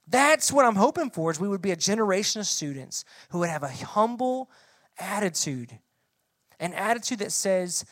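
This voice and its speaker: A young adult woman preaching a sermon to middle schoolers in an animated, conversational way, asking the audience questions. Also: on the low side, unhurried, dry recording, studio quality. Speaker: youth pastor.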